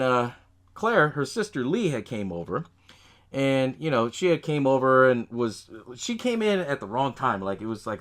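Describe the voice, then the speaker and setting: A man hosting a podcast, casually recapping a horror movie in a profane, animated way, laughing often and acting out the characters' lines. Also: mid-range voice. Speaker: podcast host.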